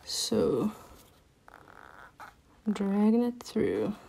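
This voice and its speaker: A woman's voice: medium pitch, sing-song, extremely slow, creaky, mellow, husky. A woman giving a chatty, step-by-step live nail art tutorial while she works.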